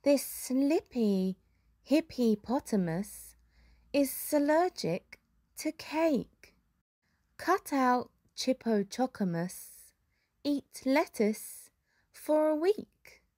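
A sly storybook snake draws out each word with a hiss, voiced by a woman reading aloud. The delivery is slow and sneaky. The recording is dry and close. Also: sits high, animated, a little mellow, no echo, voice pushed up, full character voice. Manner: drawn-out, hissing.

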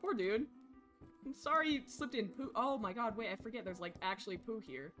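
A woman streams a horror game with a bright, piercing voice. She shouts and swears at the game characters and then drops into quiet asides, with faint music underneath. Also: a little high, animated. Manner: rapid swings to quiet asides.

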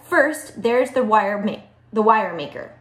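A woman's voice: medium pitch, lively intonation, unhurried, a bit bright. A woman voicing a strict schoolteacher who is stern and fussy about paperclips, in an echoey room. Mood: admiring. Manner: stern, then dreamy and admiring.

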